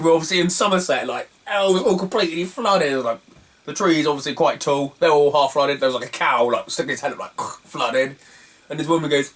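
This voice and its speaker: A man's voice: on the high side, fast, fairly bright tone, far from the mic. A man, telling a rambling, self-mocking travel story in a casual video. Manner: rambling, self-mocking, laughs at his own stories. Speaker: retro game collector vlogger.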